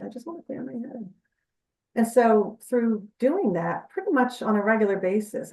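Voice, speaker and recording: A woman speaks as an interview guest, earnest and chatty as she explains. Her voice sits in a middle pitch. She sounds set back from the microphone in an echoey room. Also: warm tone, recorded from a distance. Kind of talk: conversational interview storytelling.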